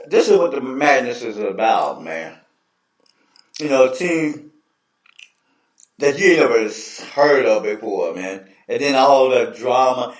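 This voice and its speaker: A man hosting a casual sports chat show, telling stories in an animated, slangy way. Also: medium pitch. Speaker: host. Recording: echoey room, distant mic.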